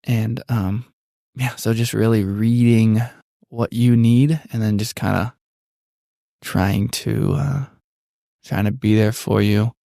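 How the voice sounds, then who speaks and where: A man with a gravelly, mellow voice talks through a faith-based podcast conversation as co-host. He is reflective and halting, leaning on fillers. The sound is close and dry. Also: lowish voice, fairly even intonation, no echo.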